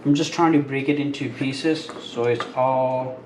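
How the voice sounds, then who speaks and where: A man's voice: mid-range voice, steady tone, a little slow. A man chatting casually at home, explaining step by step how he prepares his dog's treats. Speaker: dog owner and trainer. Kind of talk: casual home cooking vlog. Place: home kitchen. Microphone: camera held by a helper. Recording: echoey room with background noise.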